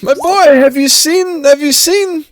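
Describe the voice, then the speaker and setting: A man's voice: very high-pitched, a little slow, no room sound, clean studio sound. A man voicing a forgetful, jittery old woman who keeps a temple, stammering and repeating herself. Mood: doddering.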